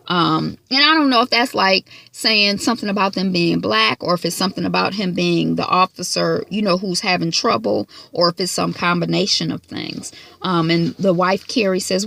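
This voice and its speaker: A woman's voice: lowish voice, moderate pace, vocal fry, few pauses, a bit bright, no echo. A woman recording a casual TV episode recap from inside her car, telling it in a chatty way with lots of asides. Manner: chatty, filler-heavy storytelling with asides. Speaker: TV recap vlogger.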